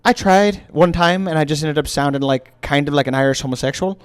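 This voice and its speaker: A man from Texas telling rambling travel stories on a casual comedy podcast, slipping into quick put-on voices. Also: on the high side, clear, resonant tone. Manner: rambling storyteller, puts on voices for quotes. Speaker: podcast host.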